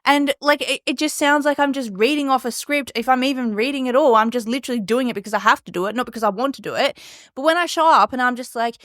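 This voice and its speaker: A woman's voice: high-pitched, fast talker, a bit bright, no room sound, studio quality. Chatty young woman podcaster. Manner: chatty, emphatic, lots of "like". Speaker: podcast host. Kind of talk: casual solo podcast talk.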